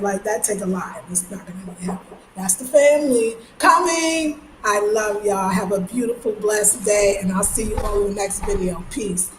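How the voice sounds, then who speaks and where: A middle-aged woman from Brooklyn, telling stories in a chatty, animated vlog and acting out the people she quotes. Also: mid-range voice, moderate pace. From Brooklyn, New York. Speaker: travel vlogger. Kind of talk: casual vlog monologue. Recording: roomy echo with faint background noise.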